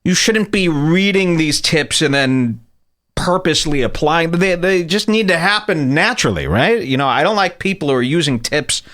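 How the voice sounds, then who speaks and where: A man's voice: on the high side, lively intonation, moderate pace, fairly bright tone. A man hosting a podcast, ranting in a crude, mocking, sarcastic way. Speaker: podcast host. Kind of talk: ranting casual talk.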